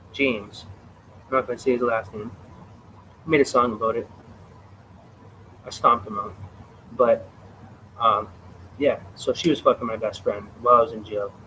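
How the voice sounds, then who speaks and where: A man's voice: medium pitch, a bit bright, slight background noise, low-quality recording. A man telling a personal story on a live stream in casual, profane street slang. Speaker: livestreamer.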